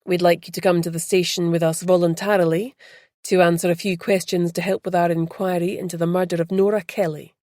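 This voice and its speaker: A woman's voice: on the low side, level tone, brisk, a little mellow, no room sound, studio quality, natural voice. A woman voicing a reserved male detective sergeant who speaks in a formal, guarded way.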